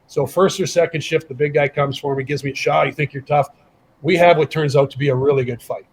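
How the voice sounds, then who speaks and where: A man's voice: on the high side, quick pace, slightly rough, rough recording. A middle-aged man, a former hockey player, telling a story on a podcast and acting out the quoted dialogue. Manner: animated, acts out quoted dialogue. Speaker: podcast guest, former pro hockey enforcer. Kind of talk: casual storytelling.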